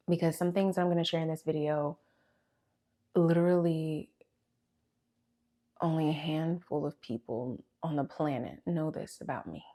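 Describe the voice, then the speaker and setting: Woman, young adult, low pitch, heartfelt testimony, sighs, pauses, near tears. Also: dark tone. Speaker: vlogger sharing a testimony. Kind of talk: emotional personal testimony to camera.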